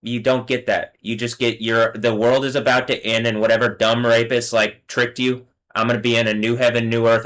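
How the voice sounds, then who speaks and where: A man's voice: mid-range voice, level tone, fairly quick, few pauses, a bit bright. A man hosting a solo livestream, ranting bitterly and profanely, often trailing off and restarting mid-sentence. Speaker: livestream host.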